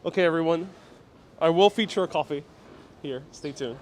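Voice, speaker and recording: A man from New York City, with a voice a bit high for a man, leads a live walking tour outdoors on city streets. He chats easily with viewers, reading their comments aloud and answering them. Faint traffic hums behind him. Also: moderate pace. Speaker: walking-tour livestream host.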